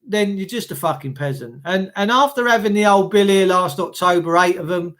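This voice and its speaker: A middle-aged man with a notably high voice for a man talks straight to his viewers in a loose, blunt rant. He swears freely and doubles back over his own words as he goes. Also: fairly quick, a bit bright. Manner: blunt, heavy swearing, repeats himself. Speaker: livestream host reading chat. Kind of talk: casual ranting monologue.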